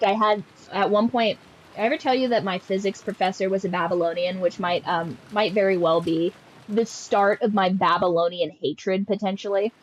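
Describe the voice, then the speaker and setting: A woman's voice: mid-range voice, rough recording. A woman streaming a game, chatting casually with sarcastic, profane jokes.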